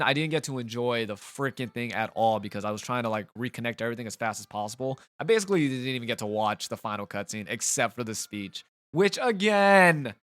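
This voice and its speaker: A man's voice: medium pitch, a bit bright, no room sound. Frustrated man ranting over gameplay. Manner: frustrated, rambling, halting. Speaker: gaming channel host. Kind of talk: let's play commentary.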